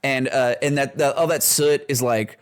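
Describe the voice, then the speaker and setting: A man's voice: medium pitch, normal speed, clear, resonant tone. A man co-hosts a casual comedy podcast and rambles through a story. He swears freely, restarts his sentences and laughs often. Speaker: podcast co-host.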